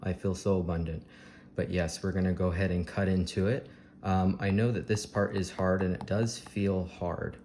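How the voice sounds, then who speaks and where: A man with a Texan accent, vlogging a fruit tasting at home in a slow, dreamy, gushing way with many ums. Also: low voice, little pitch movement, a little mellow. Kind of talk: casual food tasting vlog. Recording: echoey room with faint ambient hiss.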